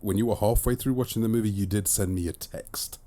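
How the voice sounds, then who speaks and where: A man co-hosting a podcast in casual chat, animated and teasing, with crude banter. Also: fairly low pitch, fairly quick. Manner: animated, swinging between mumbles and loud bursts. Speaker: podcast co-host.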